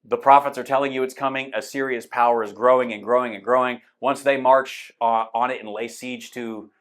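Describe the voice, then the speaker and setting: In a church classroom, a man teaches a Bible class in a casual, unscripted, conversational way, pointing things out on a map and using many fillers. His mid-range voice is fairly even in intonation and brisk.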